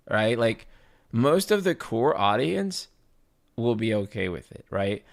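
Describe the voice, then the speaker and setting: A man's voice: medium pitch, very animated, slow pace, creaky. A man live streaming, chatting casually with his viewers, rambling and often restarting his sentences. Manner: casual, swears, talks to chat.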